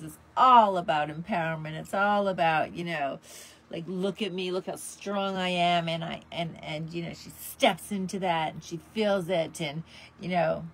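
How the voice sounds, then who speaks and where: Upbeat woman host, lowish voice. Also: slightly rough. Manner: upbeat, sings snippets of songs. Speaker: show host. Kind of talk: motivational talk.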